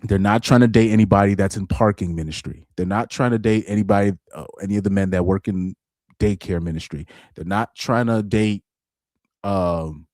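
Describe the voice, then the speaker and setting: This is a man doing casual livestream commentary. His voice is low and deep, with a villainous edge he jokes about himself. He drifts between laughs and half-finished thoughts, recorded close and dry. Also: a little mellow, no echo. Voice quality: deep voice he calls super villain-like. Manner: laid-back, laughs often, trails off and restarts. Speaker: reaction streamer.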